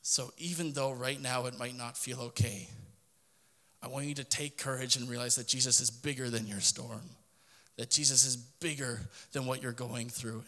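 A man's voice: mid-range voice, bright, forceful tone, long reverb tail. A man hosting a podcast, giving an earnest devotional talk that speaks straight to the listener. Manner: earnest, direct address to listener. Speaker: podcast host.

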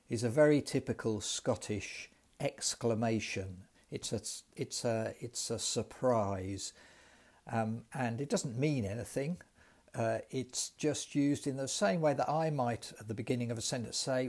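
A man hosting an educational podcast, introducing guests and explaining phrases in a clear, measured way. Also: medium pitch, a little mellow. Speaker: podcast host.

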